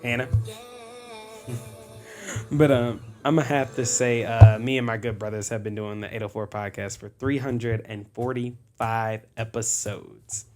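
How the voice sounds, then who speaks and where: A man's voice: mid-range voice, steady tone, measured pace, darkish tone, faint music behind. A man co-hosting a podcast, teasing the others in playful, casual banter. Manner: playful, teasing, lots of fillers. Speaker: podcast co-host.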